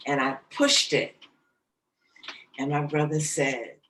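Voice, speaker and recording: Slow, soft-spoken woman recounting memories. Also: deep voice, steady tone, reverberant, distant mic, low-quality recording. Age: middle-aged. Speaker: guest, jazz singer. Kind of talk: personal storytelling in an interview. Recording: voice slightly off-mic, faint background noise.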